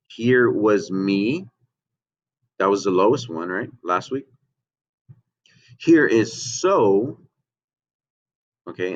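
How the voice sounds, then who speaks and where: Patient male music teacher, low voice. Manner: patient, repeats "okay?" and "right?" to check in. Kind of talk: remote music lesson for children. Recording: dull lo-fi home recording.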